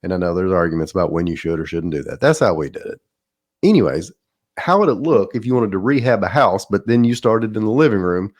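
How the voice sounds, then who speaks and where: A man's voice: low voice, lively intonation, a little fast. A middle-aged man with a Southern drawl, hosting a podcast and telling a rambling, folksy story in a casual monologue. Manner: folksy, rambling, laughs at his own stories. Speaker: podcast host.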